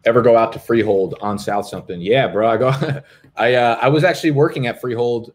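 A man's voice: medium pitch, brisk. A man, hosting a live stream in profane, rambling casual chat. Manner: profane, rambling, swears constantly.

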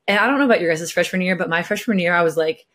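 A woman's voice: on the low side, very fast, fairly bright tone. A young woman from California, a guest telling her story in a casual chat, bubbly and full of filler words. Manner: bubbly, lots of filler words, acts out quotes. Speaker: guest, professional soccer player.

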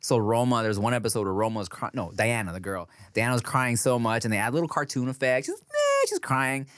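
A man chatting casually as a podcast co-host, relaxed and storytelling, often quoting his little daughter in a high voice. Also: fairly quick, no room sound, clean studio sound. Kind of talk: casual crude chat.

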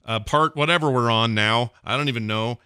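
A man hosting a podcast in casual, jokey chat, animated and stumbling over names. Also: mid-range voice, a little fast, smooth, no echo, clean studio sound. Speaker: podcast host.

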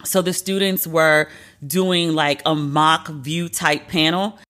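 A podcast host in their thirties, venting in a casual, animated and profane solo monologue. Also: medium pitch, slow.

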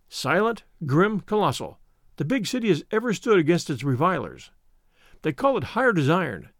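A man reading a classic short story aloud with a wry, expressive storytelling manner. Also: high-pitched, no echo, clean studio sound. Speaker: audiobook narrator. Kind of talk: scripted narration.

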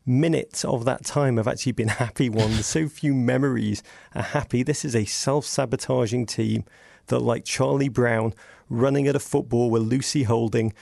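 A middle-aged Englishman with a gravelly, mellow voice tells stories in animated bursts. His pitch leaps up for emphasis, and the recording is dry and close. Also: normal speed, dry recording. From England. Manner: vivid, storytelling delivery with bursts of rising emphasis. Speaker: podcast guest. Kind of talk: animated casual chat.

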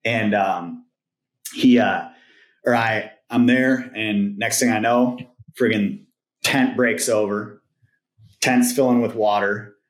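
Low-voiced man telling a story, roomy sound. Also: steady tone, slow pace. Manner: rambling, filler-heavy retelling with "like" and "right?". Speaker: podcast guest. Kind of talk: casual storytelling.

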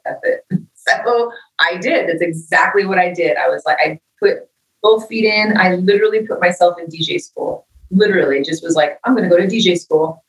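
A woman's voice: fairly low pitch, a little fast, echoey room, distant mic, rough recording. A middle-aged woman, a musician, chatting in an interview and acting out the people in her stories. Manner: animated storyteller, acts out quoted dialogue. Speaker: guest musician. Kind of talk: casual interview talk.

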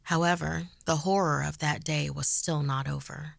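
A woman narrating a horror story in a hushed, half-whispered delivery as host. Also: low-pitched, steady tone, moderate pace, vocal fry, dry recording, clean studio sound. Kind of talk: scripted narration.

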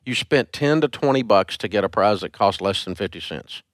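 A man's voice: lowish voice, animated, moderate pace, no room sound, clean studio sound. A man hosting a call-in radio show, blunt and emphatic as he rants at a caller.

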